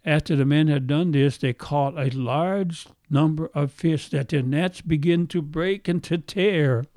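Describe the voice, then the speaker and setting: A man's voice: a little high, a little slow, a little mellow, no room sound, studio quality. A middle-aged male pastor preaching a sermon. He has a faint brogue-like sound left from a speech impediment, repeats phrases for emphasis and asks his listeners questions.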